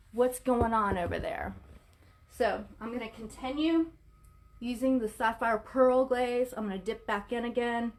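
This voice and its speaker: A woman painting furniture on a livestream, chatting to viewers and apologizing as she works some distance from the camera. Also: a little high. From Florida, US. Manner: chatty, apologetic, talks to viewers while working. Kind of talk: casual live demonstration.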